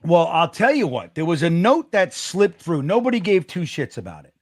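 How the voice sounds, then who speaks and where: A middle-aged man, co-hosting a casual sports podcast, animated and swearing, acting out quotes in a raised voice. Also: fairly high pitch, moderate pace, dry recording. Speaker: co-host.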